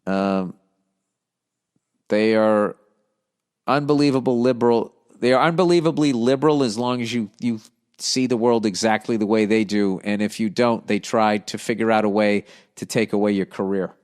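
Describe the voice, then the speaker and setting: A middle-aged man hosting a comedy podcast, reading listener letters aloud and answering them in a blunt, profane, animated rant. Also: lowish voice, normal speed, clear, resonant tone. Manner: blunt profane ranting with lively animated swings.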